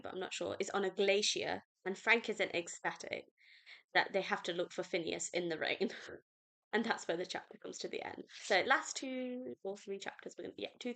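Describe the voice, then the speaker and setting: A woman's voice: mid-range voice, creaky, fairly bright tone. A British woman hosting a casual solo book review podcast, rambling and gushing with lots of fillers. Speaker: podcast host.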